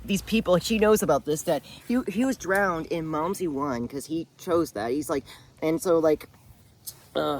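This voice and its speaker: With a medium-pitched, slightly mellow voice, a channel host loosely recounts a TV drama for a friend. It's a rambling retelling, heavy on fillers and do-overs, with laughter bursting out now and then.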